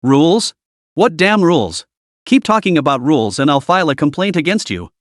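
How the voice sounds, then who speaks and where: A man's voice: on the high side, big pitch swings, moderate pace, a bit bright, dry recording, clean studio sound. A man voicing a rude, demanding, wealthy middle-aged man on a plane in a story read. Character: pushy balding rich middle-aged man.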